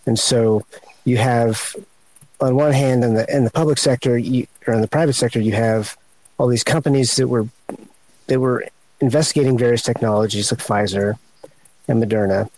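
A man on a podcast explaining government research agencies hesitantly, with many pauses and fillers. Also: mid-range voice, fairly even intonation, a little mellow, poor audio. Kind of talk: casual explanation.

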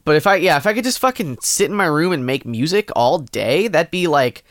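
A man's voice: on the high side, animated, a little fast, a bit bright. A man co-hosting a podcast in casual chat, rambling, laughing, and swearing casually. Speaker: podcast co-host.

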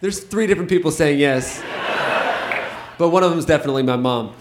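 A man's voice: a little high, a little fast. A man co-hosting a comedy podcast before a live audience, teasing and brash, swearing freely. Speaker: podcast co-host. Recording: echoey live room, loud crowd and noise.

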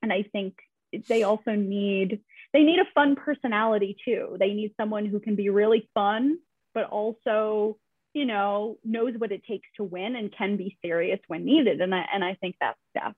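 A woman's voice: mid-range voice, normal speed, breathy edge, no echo. A woman talking as a podcast guest in casual chat, chatty with frequent restarts and fillers. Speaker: podcast guest, basketball writer. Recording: tinny phone-like remote line, dry.

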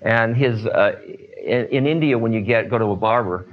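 A man telling spiritual stories to listeners in an unhurried talk, pausing often with fillers. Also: medium pitch. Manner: unhurried, many pauses and fillers. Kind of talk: storytelling talk. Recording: dull lo-fi recording.

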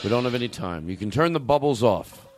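Rambling, animated man hosting a show. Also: medium pitch, fast talker, loud music behind the voice. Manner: rambling, self-interrupting, swears freely. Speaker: podcast host. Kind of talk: casual chat.

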